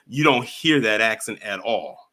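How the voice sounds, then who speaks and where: Bright-voiced man hosting a call-in. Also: on the low side, moderate pace. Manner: animated, laughs while telling stories. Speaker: host of a call-in stream. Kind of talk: casual chat.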